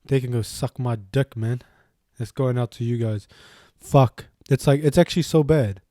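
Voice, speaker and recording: A man's voice: medium pitch, normal speed, no room sound. Young kiwi guy on a podcast, swears a ton, acts out what people said, dry close mic. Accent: New Zealand. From New Zealand. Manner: animated storyteller, swears a lot, acts out quotes. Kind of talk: casual podcast chat.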